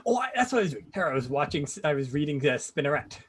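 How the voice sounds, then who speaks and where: Higher husky male voice, stammering and chatty. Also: very animated, very fast. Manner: stammering restarts, laughs often. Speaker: player. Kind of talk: casual chat among players.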